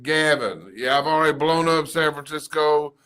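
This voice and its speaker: A man's voice: a little high, moderate pace, a bit bright, clear, resonant tone. A man from Kentucky, co-hosting a live show in folksy, joking banter and laughing at his own jokes. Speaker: video producer and co-host.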